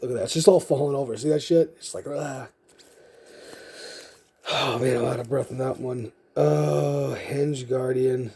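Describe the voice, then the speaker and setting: A man with a husky, slightly rough voice and a dark, mellow tone. He talks casually and unscripted, rambling as he thinks aloud and poking fun at himself. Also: mid-range voice, steady tone, measured pace. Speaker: card collector vlogger.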